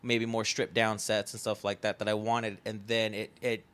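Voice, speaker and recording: A man's voice: on the low side, level tone, normal speed, fairly bright tone. A young man, a festival founder, talking casually on a podcast in a rambling way full of fillers and the odd swear.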